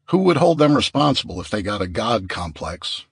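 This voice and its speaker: A man voicing a stubborn, gruff male survivor with a dismissive manner in an audiobook. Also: lowish voice, sing-song, normal speed, no room sound, studio quality, exaggerated voice.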